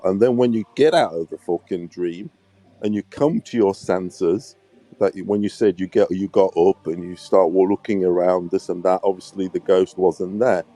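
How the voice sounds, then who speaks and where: A man's voice: deep voice, steady tone, normal speed, mellow, no room sound. A man hosting a casual chat, skeptical and cutting in to argue his point.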